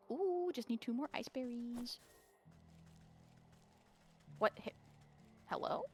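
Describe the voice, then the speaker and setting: A woman's voice: on the high side, slow, long pauses, faint music behind. A woman playing a video game with a friend, chatting in a giggly, chatty way. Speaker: game streamer. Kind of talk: casual gameplay chat.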